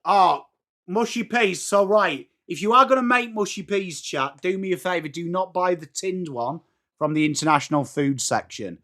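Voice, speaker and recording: Chatty English host for a live footy watchalong: high, bright voice, bouncing between play calls and viewer chat. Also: male voice, animated, normal speed. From England.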